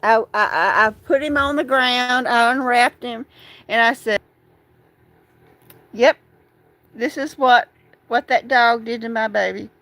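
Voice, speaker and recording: A woman, talking through grief on a live stream, halting and repeating herself, tearful at times. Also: fairly high pitch, fairly bright tone, dry recording, low-quality recording. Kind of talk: emotional live stream chat.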